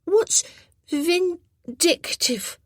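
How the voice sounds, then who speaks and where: A woman voicing a high, curious little boy. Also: animated, very slow, no room sound, clean studio sound, full character voice. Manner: asks short innocent questions.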